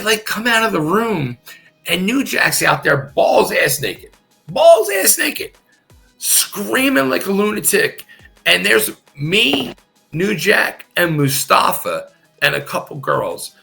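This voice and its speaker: A man's voice: high-pitched, very animated, a little slow, vocal fry, bright, forceful tone, soft background music. A middle-aged man, a former wrestler guesting on a podcast, telling wild stories in a casual, profane way, laughing and repeating himself. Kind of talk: casual storytelling.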